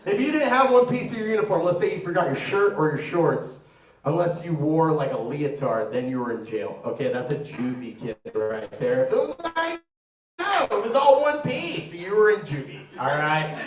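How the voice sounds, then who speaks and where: Brash, high-voiced stand-up comic in a theater. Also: male voice, animated, normal speed. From Florida. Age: 30s. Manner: brash, crude, swings to loud shouting. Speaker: stand-up comedian. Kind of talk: stand-up set with crowd work. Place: comedy theater stage before a live audience. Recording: roomy, far-off mic, crowd noise.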